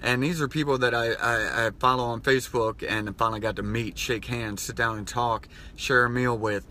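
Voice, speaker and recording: A man speaks straight to his followers in a heartfelt, rambling vlog, his voice bright and pushing forward. He repeats himself and chokes up at times. A light hiss of background noise sits under him. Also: medium pitch, steady tone, normal speed. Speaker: vlogger. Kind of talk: emotional personal vlog.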